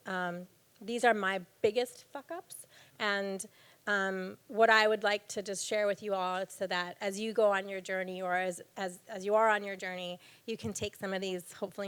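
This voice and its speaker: A woman's voice: medium pitch, a bit bright, smooth. A woman in her thirties giving a candid, earnest personal talk to a live audience from a stage, with plenty of fillers. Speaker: speaker at a live storytelling event on failure. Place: event stage before an audience.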